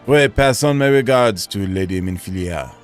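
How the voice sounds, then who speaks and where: A man's voice: on the low side, animated, moderate pace, soft background music, natural voice. A man voicing a courteous male attendant, reading his game lines in a formal, solemn way.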